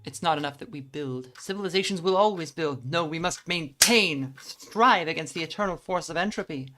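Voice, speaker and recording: A woman's voice: low-pitched, animated, moderate pace, sharp tone, faint music behind. A woman voicing a burly, grandiose male janitor who treats cleaning as a holy duty, reading game dialogue aloud in a pompous, declaiming way.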